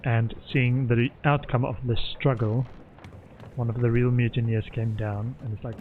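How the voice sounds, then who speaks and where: A man's voice: mid-range voice, level tone, normal speed, slight background noise. A man streaming a game, thinking aloud as he puzzles over clues. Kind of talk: gameplay commentary. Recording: muffled lo-fi sound with faint game music.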